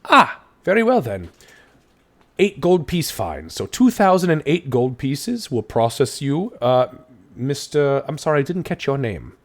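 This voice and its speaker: A man's voice: mid-range voice, big pitch swings, pitched above the performer's own voice. A man playing a stern dwarf constable. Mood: brisk. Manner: formal, measured pronouncements.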